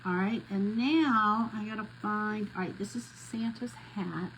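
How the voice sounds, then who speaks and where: A woman's voice: mid-range voice, measured pace, a bit bright, slight background noise, rough recording. A woman chatting casually to her viewers while she wraps gifts and labels handmade ornaments at home, calling them y'all. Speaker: crafting vlogger. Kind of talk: casual crafting chat to viewers.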